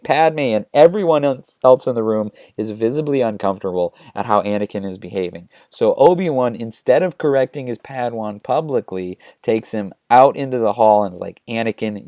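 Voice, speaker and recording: A man's voice: lowish voice, a little mellow, no room sound, studio quality. A man hosting a casual, chatty comic retelling, full of "like"s. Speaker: host. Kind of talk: comedic retelling of a story.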